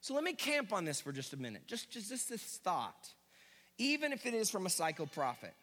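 A man preaches a sermon in a high, sharp voice that leaps up and down as he goes. He drops to quiet asides, then shouts his big points. The sound rings out with the long reverb of a large hall. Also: huge pitch swings, brisk, husky. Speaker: pastor.

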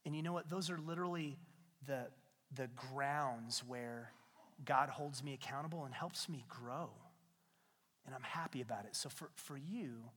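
A man gives a sermon in a church, narrating the scripture like a casual, animated storyteller. His voice sits in an ordinary middle pitch. The long reverb of a large hall trails each phrase. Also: breathy edge. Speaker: pastor. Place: church sanctuary.

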